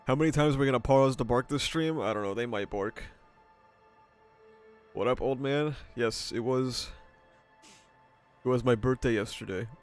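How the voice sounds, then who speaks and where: A young man in his twenties talks with his livestream viewers in a relaxed, easygoing voice of middling pitch. His nose is stuffy. He laughs often and swears now and then, with faint soundtrack music under him. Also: moderate pace, pauses often. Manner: laid-back, laughing, swearing, greets chatters by name. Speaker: streamer. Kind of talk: casual livestream chat with viewers. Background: video game soundtrack music.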